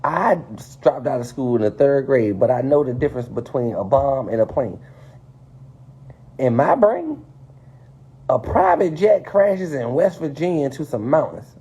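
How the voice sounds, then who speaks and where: A man ranting casually and profanely to his viewers, spinning a conspiracy with animated, swearing delivery. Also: mid-range voice, normal speed, hardly any pauses, husky. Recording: dull lo-fi stream audio.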